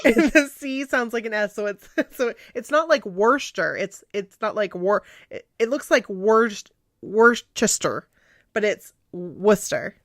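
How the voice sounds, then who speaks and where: A woman's voice: a little high, moderate pace, hardly any pauses, no echo, clean studio sound. A woman hosting a podcast, chatting in a playful, giggly, teasing way. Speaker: podcast host. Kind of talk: casual chat.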